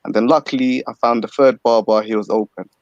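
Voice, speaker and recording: A man's voice: medium pitch, steady tone, fast, no room sound, lo-fi sound. A man on a livestream panel, telling a rambling story and swearing and laughing often. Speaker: panel guest. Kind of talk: casual livestream chat. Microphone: video call.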